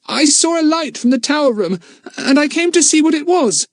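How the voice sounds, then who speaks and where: A man doing a high, defiant young boy. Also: sing-song, normal speed, no echo, clean studio sound. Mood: frightened defiant. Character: brave young boy, frightened but defiant.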